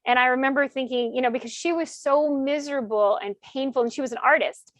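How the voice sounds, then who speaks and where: A woman in her fifties hosts a podcast and speaks in an earnest, reflective manner. Her voice sits a little high. The sound is dry and close, with no room echo. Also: quick pace. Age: 50s. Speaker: podcast host. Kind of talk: interview conversation.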